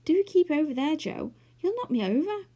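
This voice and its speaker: A woman's voice: high-pitched, normal speed, pitched above the performer's own voice. A woman voicing a fretful little girl who has turned into a doll in a storybook. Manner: excited, fretful.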